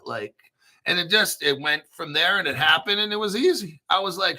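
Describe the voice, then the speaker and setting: Male crypto host, brash and profane, gravelly, bright edge, slightly higher voice. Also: lively intonation, a little fast. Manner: profane, brash, clears throat often. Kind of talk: casual livestream rant.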